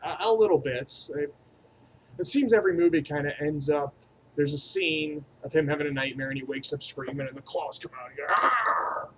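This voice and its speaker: A man's voice: on the high side, slight background noise, low-quality recording. A man giving an off-the-cuff movie review, profane and rambling, swinging between enthusiastic bursts and mumbled asides. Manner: crude and profane, rambling aside-heavy delivery.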